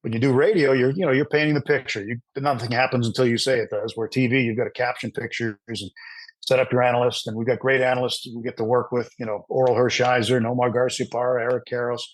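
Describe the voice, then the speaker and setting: A man's voice: medium pitch, fast, dry recording, low-quality recording. Dry-sounding middle-aged male broadcaster. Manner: animated anecdotal storyteller with fillers. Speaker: sports broadcaster. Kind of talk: storytelling in an interview.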